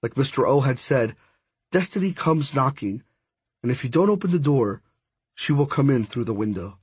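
A man reads a first-person story aloud in a steady narrator's voice. His voice is mid-pitched and a little husky. The recording is dry, with no room sound. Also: moderate pace, dry recording. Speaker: audiobook narrator.

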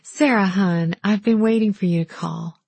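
A woman voicing a grieving, chatty older southern woman in an audiobook, speaking softly and shakily over the phone. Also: medium pitch, moderate pace, vocal fry, husky, dry recording. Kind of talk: audiobook dialogue.

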